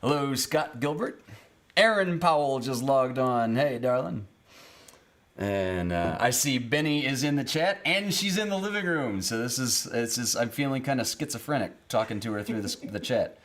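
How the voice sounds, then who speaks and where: A man's voice: medium pitch, animated, normal speed, fairly bright tone. A man hosting a live music stream from a small cabin room, casually greeting viewers in the chat by name and chuckling at himself. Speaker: livestream music show host. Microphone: streaming camera setup at home.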